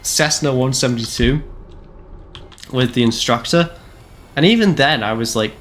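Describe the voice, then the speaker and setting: Casting: young man in his twenties, mid-pitched, rambling and jokey gameplay streamer. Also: moderate pace, a bit bright. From Canada. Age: 20s. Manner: rambling, self-deprecating, jokey, lots of "like" fillers. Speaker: game streamer. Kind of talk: casual gameplay live-stream chat.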